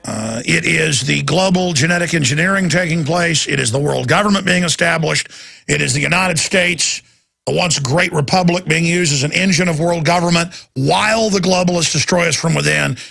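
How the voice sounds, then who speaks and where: A man hosting talk radio with a deeply gravelly, raspy voice. He speaks forcefully and intensely, pressing each point into a studio microphone with a husky edge. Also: moderate pace. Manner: intense, ranting, emphatic. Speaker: radio talk show host. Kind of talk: impassioned talk radio monologue.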